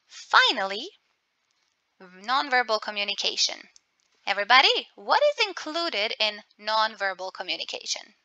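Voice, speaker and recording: A woman's voice: on the high side, big pitch swings, measured pace, sharp tone, no echo, highs cut off. A woman communication coach teaching a webinar, explaining by example and asking the group questions.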